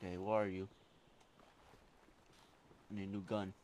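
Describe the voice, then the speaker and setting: A man commenting on a blind video game playthrough, excitable, swearing and yelling at enemies as he plays. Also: low voice, moderate pace, slight background noise. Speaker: let's play gamer.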